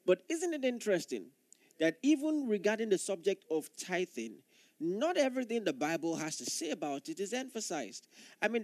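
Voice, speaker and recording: This pastor preaches earnestly in a fairly high, slightly mellow voice, driving his points home through repeated phrases. His sermon is recorded close and dry, with no echo.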